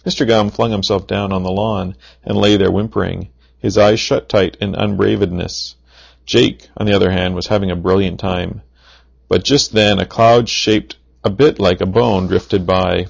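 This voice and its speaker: A low, gravelly male voice reads a children's story aloud. He slips in playful deadpan asides. The recording sounds dull and lo-fi. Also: moderate pace.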